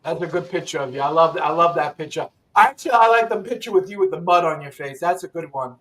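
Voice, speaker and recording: A man's voice: on the high side, lively intonation, fast, fairly bright tone, distant mic. A man with a New York accent hosting a livestream, talking in a brash, repetitive way and swearing often. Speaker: livestream host. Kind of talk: casual profane chat.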